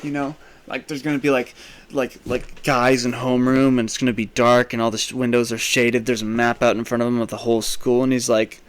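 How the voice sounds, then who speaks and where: A young man hosting a podcast, telling a rambling, profane comic story, swinging between loud rants and mumbled asides. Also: medium pitch, flat delivery, a little fast. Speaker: podcast host. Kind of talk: rambling comedic monologue.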